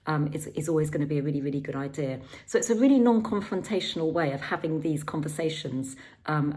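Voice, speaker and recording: A middle-aged woman, giving a calm, gentle training talk for carers, with frequent ums and repeated words. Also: low voice. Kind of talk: instructional talk.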